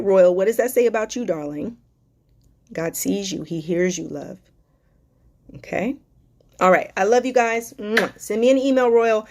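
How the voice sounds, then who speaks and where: A woman hosting a live stream Q&A as a life coach, speaking affectionately and emotionally to viewers with spiritual encouragement, calling them darling and sweetheart. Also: a little high.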